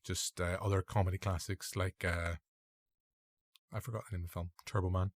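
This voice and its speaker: A man's voice: sits low, flat delivery, brisk, dry recording, studio quality. A man with a Northern Irish accent hosting a casual film review podcast, sounding a little nasal and congested. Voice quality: gravelly, a bit nasal. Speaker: podcast host.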